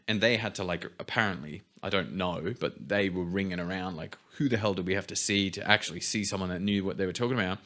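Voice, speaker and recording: A young man, co-hosting a casual podcast, explaining things at a relaxed pace with plenty of fillers. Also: sits low, fast talker, few pauses. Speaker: podcast co-host.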